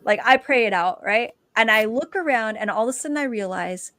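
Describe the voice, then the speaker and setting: A woman, a dancer and author, telling her personal testimony as a guest and lively acting out the quoted dialogue. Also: a little high, brisk, no room sound.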